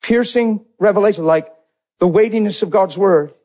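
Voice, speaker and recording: A man preaching a sermon in a dramatic way, jumping from loud exclamations to hushed low lines. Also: moderate pace.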